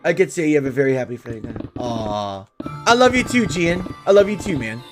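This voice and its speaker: A man chats with his viewers during a game stream, talking about being a father in a candid, earnest way. His voice sits high for a man and swings widely in pitch, and he often restarts his sentences. Faint music plays underneath. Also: big pitch swings, brisk. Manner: earnest, open, with frequent restarts and repetitions.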